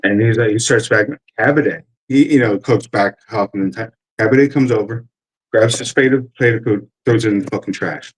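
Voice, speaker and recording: A man's voice: on the low side, brisk, slightly rough, low-quality recording. A man with a New York accent telling profane army stories in casual chat, acting out what others said. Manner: profane, animated, acts out quotes.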